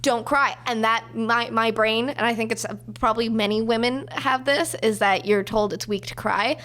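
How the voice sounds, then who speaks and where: A woman in her twenties, an actor talking casually as a podcast guest, animated and full of fillers. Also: fairly high pitch. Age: 20s. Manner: animated, quick bursts, many fillers. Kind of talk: casual chat.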